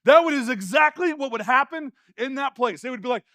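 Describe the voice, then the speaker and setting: A man preaches from a church stage, his voice sitting high for a man. He tells the story with jokes and asides, and the sound is close and dry. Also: quick pace, hardly any pauses, dry recording. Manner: animated, jokey storytelling with rants. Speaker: pastor. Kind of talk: sermon.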